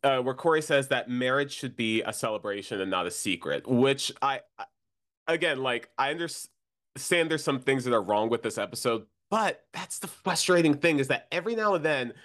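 A man's voice: medium pitch, animated, normal speed, a bit bright. A man with a mid-range voice chatting on a podcast about a TV episode. He talks casually and leans hard on his points with slangy emphasis. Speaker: podcast co-host. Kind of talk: casual TV recap chat.

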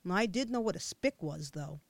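A woman narrating a first-person memoir as an expressive audiobook reader with a childlike viewpoint. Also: fairly low pitch, normal speed, no room sound.

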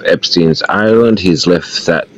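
A man putting on an American accent to play a formal male federal agent, leaving a halting prank voicemail. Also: low-pitched, highs cut off, slight background noise. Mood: mock-official. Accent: put-on American.

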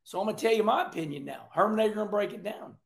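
A man hosts a show with animated, emphatic commentary, repeating his points. His voice is high and gravelly. The room has an echo. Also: rapid-fire. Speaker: host. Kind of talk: casual race commentary.

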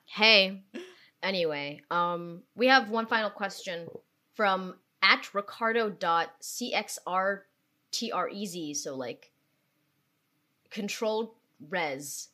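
Woman co-host, casual comedic chat, sarcastic, deadpan. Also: mid-range voice, takes it slowly. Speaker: podcast co-host.

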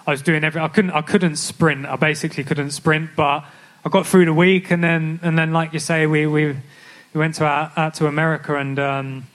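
A man's voice: on the high side, flat delivery, a little fast, a bit bright. A young adult man, a professional footballer, answering candidly on a live podcast stage and often restarting his sentences. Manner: candid, reflective, frequent restarts. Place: live stage event at a club.

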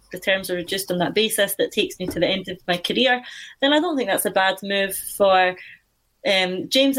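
Woman panellist, casual discussion, measured and reflective. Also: medium pitch, a bit bright. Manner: thoughtful, hedging with "you know". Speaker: podcast panellist.

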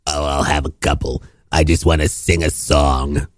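A man voicing a raspy, chain-smoking middle-aged mother with a low, drawling voice. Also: flat delivery, moderate pace. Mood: weary drawl.

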